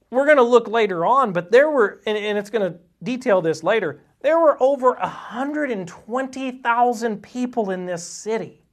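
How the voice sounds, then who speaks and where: Animated man teaching Bible class. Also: sits high. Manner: animated, acts out quotes with a rising voice; conversational, folksy phrasing. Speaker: Sunday school teacher. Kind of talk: Bible lesson.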